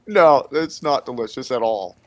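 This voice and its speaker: A man's voice: mid-range voice, animated, moderate pace, very noisy. A man co-hosting a live stream, bantering and laughing casually while tasting food. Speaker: co-host.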